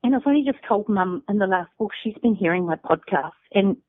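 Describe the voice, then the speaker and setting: A woman's voice: medium pitch, lively intonation, brisk, no echo. Candid New Zealand woman on a phone-like line. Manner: candid, swears freely. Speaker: guest. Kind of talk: emotional personal story. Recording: dry phone-like sound.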